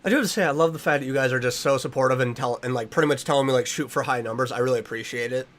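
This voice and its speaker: A man's voice: medium pitch, very fast, a bit bright. A young man chatting casually on a livestream about goals, earnest and emotional, rambling with restarts. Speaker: streamer.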